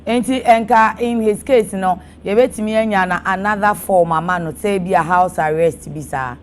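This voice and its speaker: A woman's voice: medium pitch, moderate pace. A woman with a Ghanaian accent hosting a radio talk show, asking short prompting questions. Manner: brief prompting questions and acknowledgements. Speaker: radio host.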